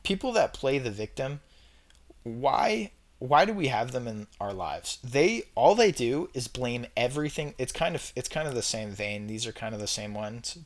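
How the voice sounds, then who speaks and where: A young man talking straight to camera in a casual opinion vlog, emphatic and repeating his points with chatty fillers. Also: mid-range voice. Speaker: vlogger ranking red flags.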